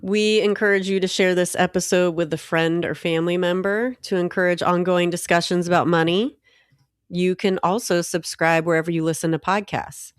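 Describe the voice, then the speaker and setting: A woman's voice: on the low side, steady tone, moderate pace, clear, resonant tone, no echo, studio quality. A woman co-hosting a podcast in casual chat, upbeat and encouraging. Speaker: podcast co-host.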